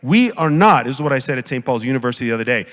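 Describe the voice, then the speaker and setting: A man giving a conference lecture as a professor, lively and jokey, often acting out quoted voices. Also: racing. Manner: animated, jokey, acts out quotes with big pitch jumps. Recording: long hall reverb.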